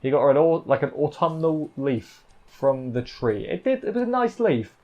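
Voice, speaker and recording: A man's voice: mid-range voice, a little mellow, muffled recording. A man giving a casual, rambling recap of an anime episode, correcting himself and making playful asides. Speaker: anime reviewer.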